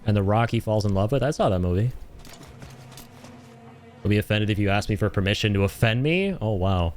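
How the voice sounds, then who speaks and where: A man with a fairly low voice that swings widely, up and down, as he chats through a live gaming stream. He jokes with his viewers and yells and curses at the game. The audio is noisy, with game sound underneath. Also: a little fast. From Canada. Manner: excitable, swears and yells at the game.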